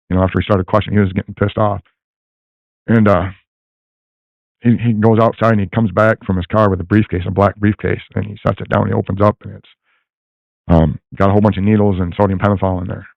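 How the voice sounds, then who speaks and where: Older guy telling a long rambling story fast, gravelly voice, sounds like a phone line. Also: on the low side, level tone, no echo. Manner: rambling, many fillers and restarts. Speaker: guest telling a personal story. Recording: tinny phone-like line, dry.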